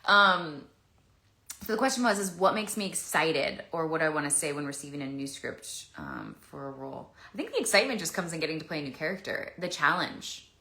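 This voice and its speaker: Low-voiced woman chatting on a livestream. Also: big pitch swings, brisk. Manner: rambling and warm, with many restarts and fillers. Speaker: actress answering fan questions. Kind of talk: casual livestream chat. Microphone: phone. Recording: echoey room.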